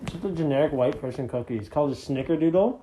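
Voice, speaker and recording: A man's voice: on the high side, animated, quick pace, warm tone, slight background noise, poor audio. A man hosting a podcast in casual chat, teasing his guests and laughing. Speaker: podcast host.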